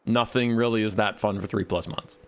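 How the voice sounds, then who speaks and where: A young man speaks a little fast in a low, steady, clear and resonant voice. He casts a strategy game on a live stream, giving casual commentary that wanders and drips with sarcasm.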